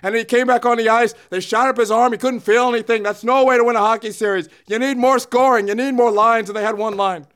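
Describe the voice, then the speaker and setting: A man doing a ranting old hockey pundit, very high. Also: fairly even intonation, fast talker, hardly any pauses, a bit bright, clean tone. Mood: grumbling. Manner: rants, bossy, repeats himself. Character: blustering older male hockey pundit, opinionated and ranting. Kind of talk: comedic sports commentary impression.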